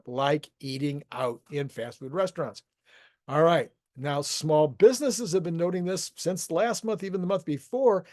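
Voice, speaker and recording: A man's voice: fairly high pitch, darkish tone, no echo, studio quality. A man hosting a solo economic commentary show, talking it through casually with frequent restarts. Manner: conversational, thinking aloud with restarts. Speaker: market commentary host.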